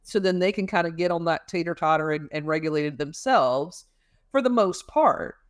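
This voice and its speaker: A mid-pitched speaker gives thoughtful explanations on a podcast, drawing on research and plain comparisons to help parents. The delivery is measured and full of small fillers, recorded close and dry. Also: expressive, clear, resonant tone, no echo. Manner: thoughtful, explains with everyday analogies, many fillers. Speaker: parenting counselor or expert guest.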